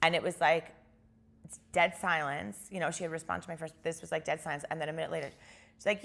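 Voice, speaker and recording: A woman guest in a casual interview, retelling events in an animated way and using "like" a lot. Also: low voice, fast talker, creaky. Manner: animated retelling, heavy use of "like".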